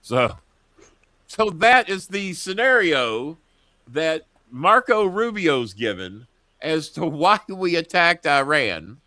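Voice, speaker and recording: A man hosting a talk show, telling profane political stories in a lively, animated way. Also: a little high, slow pace, dry recording. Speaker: show host. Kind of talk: casual political chat. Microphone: earpiece headset.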